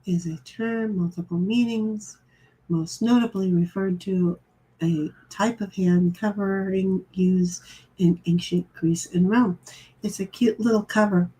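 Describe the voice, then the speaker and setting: A woman's voice: mid-range voice, steady tone, unhurried, warm tone. A middle-aged woman hosting a casual live stream, reading chat messages aloud and chatting about them with frequent stammered restarts.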